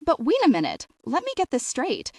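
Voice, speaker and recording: A woman's voice: sits high, wildly swooping pitch, moderate pace, a little mellow, no room sound, clean studio sound, voice pushed up, full character voice. A woman voicing a polite, puzzled male police officer asking questions. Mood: questioning.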